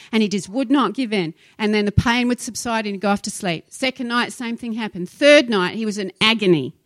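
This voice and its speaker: A woman's voice: on the high side, no echo. A woman pastor preaching a sermon, emphatic and impassioned, telling stories to her congregation.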